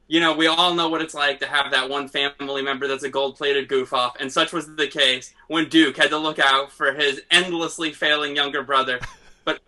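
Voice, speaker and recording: A man's voice: fairly high pitch, steady tone, moderate pace, bright, forceful tone. A man in casual podcast chat, a comic artist who talks in a chatty, self-deprecating way and laughs easily.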